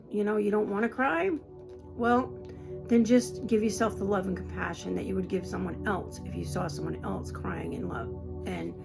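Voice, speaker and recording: Woman, 60s, gravelly voice, earnest reassuring spiritual talk, music bed behind. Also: mid-range voice. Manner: earnest, reassuring, repeats herself. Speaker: spiritual teacher. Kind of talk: casual spoken talk. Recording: music playing behind her.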